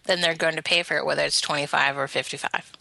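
A woman's voice: sits low, steady tone, fast talker, creaky, sharp tone, no echo. A woman co-hosting a casual gaming podcast, firm and argumentative as she makes her case. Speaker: podcast co-host.

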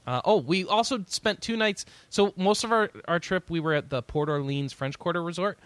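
A man's voice: sits high, normal speed, no echo. A man co-hosting a podcast, recounting a trip in easygoing casual chat with "uh"s and "um"s. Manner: easygoing, recounting trips with fillers. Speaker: podcast co-host.

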